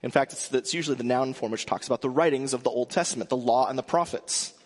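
A man preaching a sermon in a casual way, often restarting and filling pauses. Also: mid-range voice, big-room sound. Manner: conversational with frequent restarts and fillers. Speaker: pastor.

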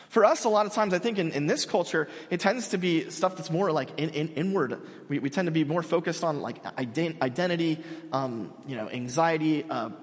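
An earnest young male pastor preaches with a slightly high voice. He talks in halting bursts and restarts his phrases often. His voice rings with a long reverb from a large church hall. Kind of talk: sermon.

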